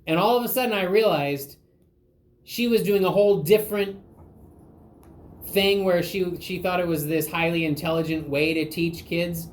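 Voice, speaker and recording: A woman's voice: on the low side, moderate pace, a little mellow. Woman interviewer telling a story. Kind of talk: conversational storytelling.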